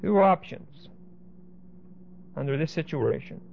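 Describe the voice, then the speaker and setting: Leading a Bible class, this teacher speaks with a fairly high voice, lively intonation and vocal fry, explaining every point and stopping to check the class keeps up. Slight background noise sits under a dull, muffled recording with the highs rolled off.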